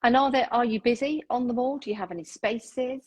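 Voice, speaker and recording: Husky-voiced woman hosting a chat. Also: on the high side, fairly quick, rough recording. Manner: inquisitive, chatty, encouraging. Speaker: interviewer host. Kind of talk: casual interview chat.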